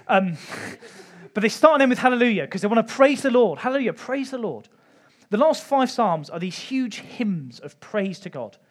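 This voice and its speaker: A man giving an informal Bible teaching talk, conversational with light humour and frequent pauses. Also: on the high side. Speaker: church teacher.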